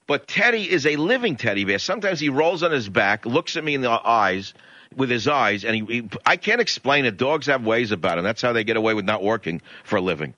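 A man's voice: medium pitch, expressive, bright, forceful tone, no room sound. A man hosting a talk radio show, telling stories in an indignant, ranting way. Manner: ranting, indignant, rapid storytelling. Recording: dull lo-fi radio broadcast.

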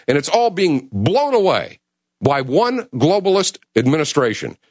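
A man hosting a call-in talk radio show, speaking with urgent, emotional passion that swings between loud and hushed. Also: a little high, big pitch swings, unhurried, no echo, clean studio sound. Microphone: studio mic.

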